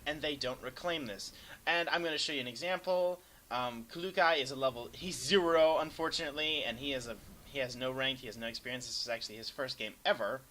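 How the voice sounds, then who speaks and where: Over a replay of a strategy game, a young man offers casual commentary, rambling and poking fun at himself, now and then letting out excited yelps. His voice is mid-range and the audio quality is poor.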